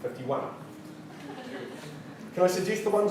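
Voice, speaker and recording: A man's voice: high voice, fairly even intonation, brisk, very noisy. A man calling a live auction indoors, rattling off bids and teasing the bidders with playful asides. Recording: very echoey room, voice from a distance.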